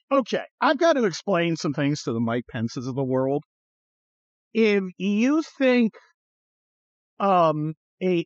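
A man's voice: a little high, no echo, lo-fi sound. Rambling, blunt male podcast host. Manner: rambling, many fillers, blunt and profane. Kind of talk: casual political chat.

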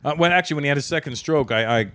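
A man's voice: a little high, a bit bright. A man in his fifties co-hosting a comedy podcast, teasing and profane in casual banter. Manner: teasing, profane, quick to laugh.

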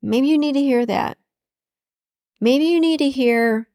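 A fairly high-pitched woman speaks unhurriedly as the lone host of a podcast, recorded in clean studio sound free of room noise. Warm and affirming, she voices imagined encouragement and returns to the same supportive phrases.

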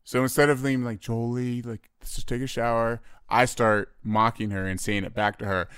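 A man in his thirties co-hosting a podcast, telling animated stories and mimicking voices. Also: medium pitch, normal speed, few pauses, clear, resonant tone, dry recording. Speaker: podcast co-host. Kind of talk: casual chat.

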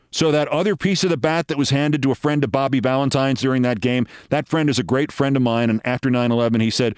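Speaking fast with few pauses, a middle-aged show host spins a lengthy story in a chatty monologue, lifting his pitch whenever he imitates someone he's quoting. His voice is clear and resonant, captured dry in a clean studio.

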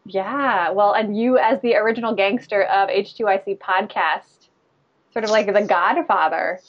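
A woman's voice: medium pitch, moderate pace, muffled recording. A woman in casual podcast chat, teasing and playful.

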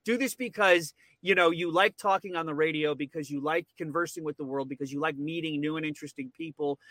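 Male interview guest: bright edgy tone, rambling and excitable, dry close mic. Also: on the high side, a little fast, dry recording. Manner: rambling, repeats words when excited. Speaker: podcast guest. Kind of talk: casual interview.

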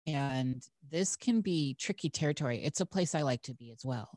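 A woman's voice: sits low, lively intonation, normal speed. A woman chatting on a podcast, adding to the point and laughing easily. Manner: laughs easily, agreeable interjections. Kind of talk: casual podcast chat.

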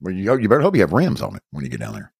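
A man co-hosting a podcast in casual chat, quick and joking, cutting in with questions. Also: low voice, huge pitch swings, vocal fry, a little mellow, husky, no echo. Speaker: podcast and radio host.

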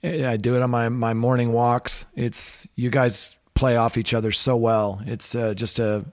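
A male podcast host chats warmly with his guest. The sound is dry and close, his pitch middling. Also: flat delivery, normal speed, no echo. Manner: friendly, appreciative. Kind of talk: casual interview chat.

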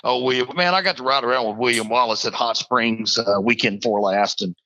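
A man talking as a podcast guest in casual chat, upbeat and joking, giving sponsor shout-outs. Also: mid-range voice, a little fast, lo-fi sound. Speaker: podcast guest, off-road racing team.

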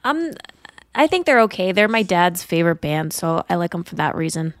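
A woman co-hosting a podcast in casual chat, relaxed and easygoing. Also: on the low side, a little fast, no echo, clean studio sound.

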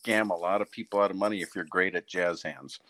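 A podcast participant chatting casually, laughing often and making quick quips. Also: sits low, background noise.

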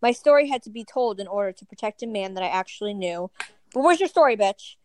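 A woman's voice: medium pitch, animated, fast talker, a little mellow, slight background noise. A woman co-hosting a podcast, chatting breezily and sassily about celebrity news. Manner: breezy, sassy gossip. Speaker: podcast co-host. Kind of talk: casual gossip chat.

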